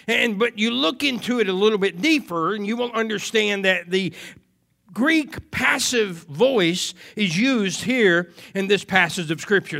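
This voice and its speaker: A man's voice: high-pitched, expressive, measured pace, gravelly, sharp tone. A man preaching a sermon as pastor, earnest and emphatic, leaning on repeated phrases.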